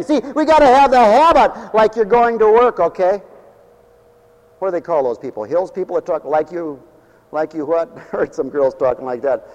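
A man's voice: high-pitched, expressive, moderate pace, darkish tone, big-room sound, low-quality recording. A man preaching a folksy, off-the-cuff sermon, rambling and repeating himself, needling his listeners with rhetorical questions.

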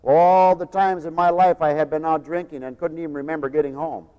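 A man with a fairly high voice delivers a sermon to his congregation. He swings from emphatic, raised phrases down to quiet, personal storytelling. The recording is a dull, lo-fi tape, with long reverb from the hall. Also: steady tone, a little fast, clean tone. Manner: emphatic preaching, rising pitch on key phrases, quieter storytelling asides. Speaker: preacher.

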